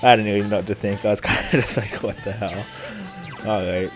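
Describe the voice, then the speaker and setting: A man's voice: on the low side, fairly even intonation, fast, over music. A young man telling rambling stories while commenting on a video game, with lots of filler words and frequent laughs. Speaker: let's play commentator. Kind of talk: casual gameplay commentary, storytelling.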